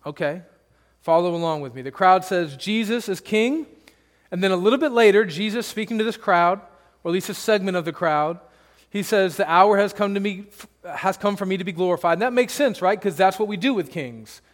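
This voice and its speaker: A man's voice: high-pitched, a little fast, big-room sound. A man pastor preaching a sermon, conversational and emphatic, with rhetorical questions to the congregation.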